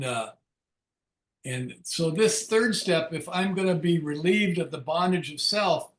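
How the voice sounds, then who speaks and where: A man's voice: a little high, fairly bright tone, echoey room. An older man giving a candid recovery talk at a Big Book study, telling stories and acting out the dialogue in them. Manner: candid storytelling, acts out quoted dialogue.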